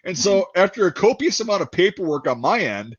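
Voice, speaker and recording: Animated swearing man telling a story. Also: high voice, fairly quick. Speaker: podcast host. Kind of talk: casual storytelling chat. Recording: dull dry lo-fi sound.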